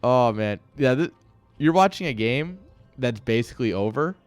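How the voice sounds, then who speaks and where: A man's voice: mid-range voice, animated, moderate pace, no echo, soft background music. Rambling, jokey male game caster. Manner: rambling, ranting, jokey, chats with viewers. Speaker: esports caster and streamer. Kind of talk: casual live game commentary.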